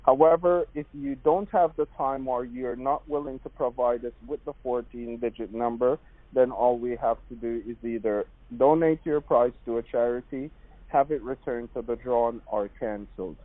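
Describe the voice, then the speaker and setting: A man with a Jamaican accent making a pushy phone pitch, repeatedly calling the listener madam and sweetheart. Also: moderate pace, no echo. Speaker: phone scammer. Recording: dry tinny phone line.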